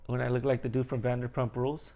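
A man's voice: little pitch movement, quick pace, a crowd in the background. Chatty young man, jokey podcast banter. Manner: chatty, jokey, acts out quotes in high voices. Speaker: podcast co-host. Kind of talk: casual chat.

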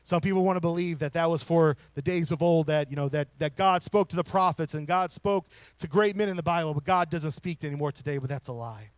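Male preacher, sermon, slightly high voice, dry close sound, loud-to-hushed swings. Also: brisk, few pauses, clear, resonant tone, dry recording. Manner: swings between loud emphatic lines and soft hushed ones; drops to a whisper to show a still small voice.

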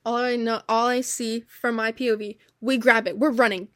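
Young woman, casual chat, animated storyteller, swears a lot, bright voice, dry sound. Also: on the high side, moderate pace, no room sound. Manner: animated, swearing storyteller who laughs often. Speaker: co-host.

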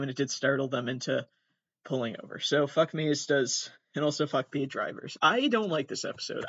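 A man's voice: medium pitch, a bit bright, no room sound, muffled recording. A young man telling a rambling, profane, self-deprecating story as a show host. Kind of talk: casual comedic storytelling.

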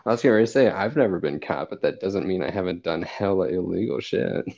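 Podcast co-host, very low voice, jokey, self-deprecating, laughs a lot. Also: expressive, a little fast, creaky, a little mellow, muffled recording. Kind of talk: casual podcast banter.

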